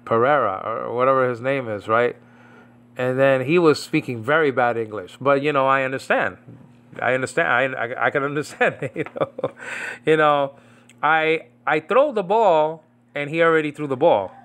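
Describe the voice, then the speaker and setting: A man from New York teaching a casual Greek Bible lesson at home, rambling and slowly repeating Greek words. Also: medium pitch, fairly bright tone.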